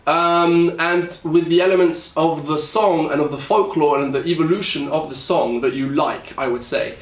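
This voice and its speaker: A man with a British accent talking casually about how he interprets a song, thinking aloud with lots of fillers and pauses. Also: a little high, fairly even intonation, distant mic. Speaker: singer and music YouTuber. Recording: echoey room, voice a bit off-mic.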